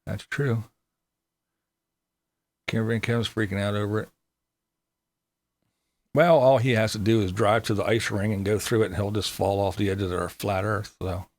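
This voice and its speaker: A man's voice: lowish voice, fairly even intonation, normal speed, pauses often. A man hosting a casual livestream, reading viewer comments aloud in a laid-back way and chuckling often. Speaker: livestream host.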